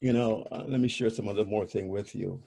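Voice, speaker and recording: A man speaking as an interview guest, telling personal stories in a halting way, often searching for words. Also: fairly low pitch, steady tone, creaky, warm tone, slightly rough.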